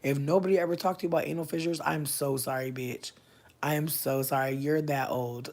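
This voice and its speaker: A woman in her thirties chatting casually on a livestream, answering viewers' comments, loud, profane and often laughing. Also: very deep voice, fairly quick. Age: 30s. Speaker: livestream host.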